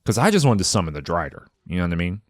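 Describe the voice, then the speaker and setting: A man co-hosting a podcast, telling his game story in a playful, animated way. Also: sits low, very fast, dry recording, studio quality. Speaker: podcast co-host. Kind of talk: casual gaming chat.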